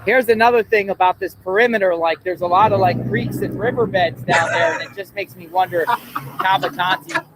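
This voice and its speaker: A man's voice: high-pitched, brisk, background noise. A man livestreaming outdoors from his phone, chatty and narrating what he sees. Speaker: field livestreamer. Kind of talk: on-location live reporting. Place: outdoors on the street.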